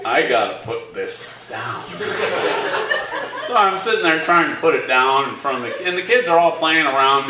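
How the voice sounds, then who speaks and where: A man's voice: medium pitch, heavy background noise. A man telling a personal story live on a cafe stage, casual, rambling and self-deprecating. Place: cafe stage before an audience. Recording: echoey room, distant mic, crowd ambience.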